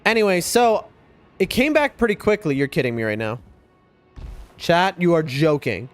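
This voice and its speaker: A young man streaming a game, chatting excitably to his viewers as he plays. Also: a little high, normal speed. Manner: chatty, excitable, often addresses chat. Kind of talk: live gameplay commentary to chat. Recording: faint music behind voice.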